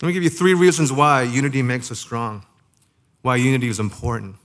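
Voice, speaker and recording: Guy giving a sermon, mid-pitched voice, chatty, rhetorical questions, drags out the big lines. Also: fairly even intonation. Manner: conversational preaching, rhetorical questions, slows down for emphasis. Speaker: pastor.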